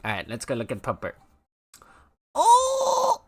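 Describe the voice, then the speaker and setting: A streamer chatting casually with viewers, gushing over pets with drawn-out exclamations and a cooing voice. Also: medium pitch, animated, a bit bright, a little hiss or hum.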